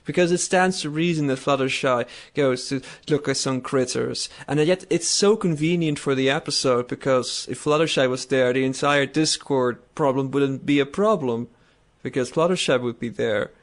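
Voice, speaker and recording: A man's voice: mid-range voice, moderate pace. A man co-hosting a casual podcast, rambling and laughing often as he talks. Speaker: podcast co-host. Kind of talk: casual chat.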